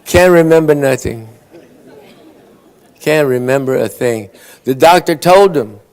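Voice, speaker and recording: A man's voice: on the high side, animated, a little slow, darkish tone, clear, resonant tone, some chatter behind. A man telling long, folksy joke stories at a conference awards ceremony, briefly acting out his characters' lines. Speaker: after-dinner joke teller.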